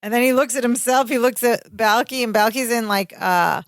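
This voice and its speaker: A woman's voice: fairly high pitch, fairly quick, dry recording. A woman co-hosting a podcast, casually recapping a sitcom episode and acting out the characters' lines. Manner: animated retelling, acts out characters' lines. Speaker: podcast co-host.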